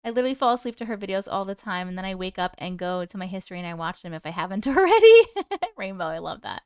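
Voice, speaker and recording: A woman's voice: mid-range voice, big pitch swings, quick pace, darkish tone, clean tone, no room sound, studio quality. A woman hosting a live stream, chatting casually and reading viewer comments aloud in a rambling, giggly way. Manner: chatty, rambling, giggly, jumps between topics. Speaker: livestream host.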